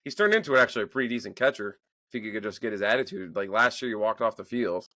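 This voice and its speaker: Thirties male podcast co-host, bright and dry, exasperated storyteller, swears a lot. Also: on the low side, animated, fast talker, no echo. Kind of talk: casual chat.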